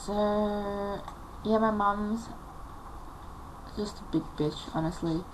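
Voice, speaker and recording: A woman's voice: mid-range voice, slight background noise, low-quality recording. A woman in her late teens telling a personal story on a confessional vlog, emotional and rambling, full of filler likes. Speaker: vlogger.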